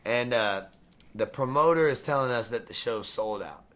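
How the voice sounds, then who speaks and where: A man's voice: mid-range voice, normal speed, a bit bright. A man guest in a casual interview, hyped and profane, full of slang and swearing. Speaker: musician guest.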